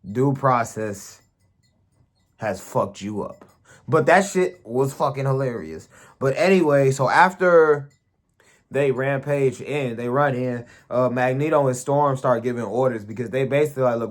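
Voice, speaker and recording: A man's voice: mid-range voice, a little fast. A man giving a casual, crude, rambling recap of a show episode, full of slang.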